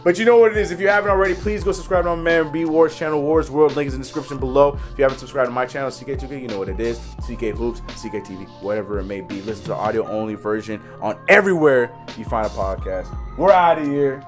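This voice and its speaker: A man's voice: medium pitch, quick pace, hardly any pauses, faint music behind. A man co-hosting a casual sports podcast, joking, teasing his co-host and laughing often.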